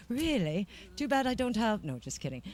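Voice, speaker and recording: A man, a radio host interviewing a band backstage in an upbeat, playful way. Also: high voice. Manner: upbeat, laughs often, playful. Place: festival backstage.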